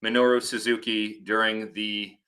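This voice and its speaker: A man, a football analyst, chatting casually on a podcast and telling rambling, animated stories with many restarts. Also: on the low side, normal speed.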